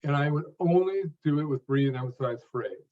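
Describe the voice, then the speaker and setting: Heard from a distance with phone-quality sound, a stuttering coach in his 50s or older answers as an interview guest, explaining his method and how he learned to speak. His voice is fairly high and fairly quick, broken into distinct phrases with a stressed word close to the end of each.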